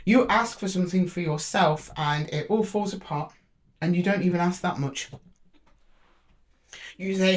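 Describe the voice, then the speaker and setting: This tarot reader's voice is on the low side, her pace normal with long pauses. Talking straight to the zodiac sign on camera, she muses aloud while pulling cards, frequently halting and beginning again.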